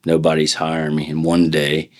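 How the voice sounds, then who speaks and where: A very deep-voiced middle-aged man, a defense attorney, talks casually as an interview guest. He tells rambling stories and acts out quotes from the people in them. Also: completely flat delivery, normal speed. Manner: rambling anecdotes with acted-out quotes.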